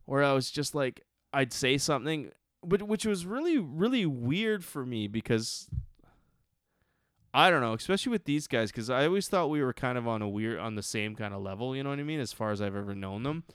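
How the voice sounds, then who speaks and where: A man in casual conversation, telling a rambling, profanity-laced story full of restarts. His voice is smooth and clear, and the recording is dry and close with no room sound. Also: medium pitch, animated, a little fast, no echo.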